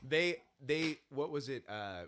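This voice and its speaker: A man's voice: on the high side, lively intonation, takes it slowly, fairly bright tone, slight background noise. A man in his thirties hosting a podcast, telling stories in casual, profane chat and laughing often. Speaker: podcast host.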